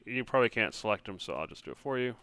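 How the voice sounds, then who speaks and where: A man running a tabletop game as game master, relaxed and hesitant, with many fillers. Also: on the low side, racing, clear, resonant tone.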